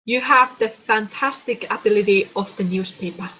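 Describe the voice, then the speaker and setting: Woman, stream host, excitable, giggly, bright voice, dull lo-fi recording. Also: mid-range voice, normal speed, breathy edge. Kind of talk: casual livestream chat.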